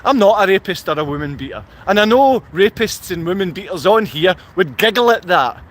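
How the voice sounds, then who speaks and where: Rambling Scottish man, slightly high voice. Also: animated, brisk. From Scotland. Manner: rambling, reads viewer comments aloud and answers them. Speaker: live-streamer answering comments. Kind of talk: rambling live-stream monologue. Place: outdoor car park.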